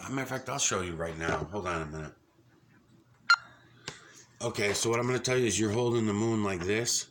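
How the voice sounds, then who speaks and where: Deep-voiced guy rambling at his computer, cussing a lot, lots of ums, light background noise. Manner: rambling, profane and excitable, frequent fillers. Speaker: YouTube vlogger. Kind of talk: casual off-the-cuff vlog talk.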